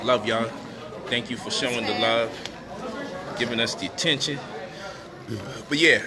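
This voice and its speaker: A man's voice: medium pitch, a little slow, long pauses, a crowd in the background. A man boasting and talking casually with streetwise slang, addressing viewers about debating and teaching. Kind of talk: boastful casual talk to camera. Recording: noisy street ambience.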